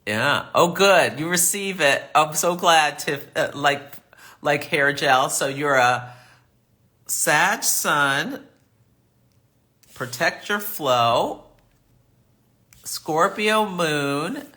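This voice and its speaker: A man hosts a live astrology reading, chatty and affirming as he responds to viewer comments. His slightly high voice is animated, bright, and forceful, yet very slow, with long pauses.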